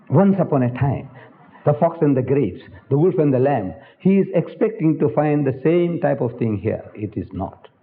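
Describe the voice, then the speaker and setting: An older man delivers a public religious lecture, emphatic and rhetorical, firing questions straight at his audience. His voice sits fairly high for a man. The recording is thin and tinny, like an old archival tape. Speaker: Islamic lecturer. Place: lecture hall.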